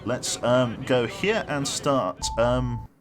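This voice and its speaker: A man's voice: medium pitch, slow, soft background music. A man casually chatting through a live game stream, rambling, swearing freely and thanking his viewers as he plays.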